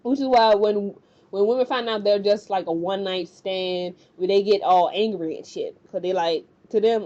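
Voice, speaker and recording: Chatty female recapper, slangy and loose. Mellow, slightly high voice on a dull lo-fi recording. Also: moderate pace. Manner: rambling and colloquial, acting out characters' lines. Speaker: TV recap vlogger. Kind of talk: casual episode recap.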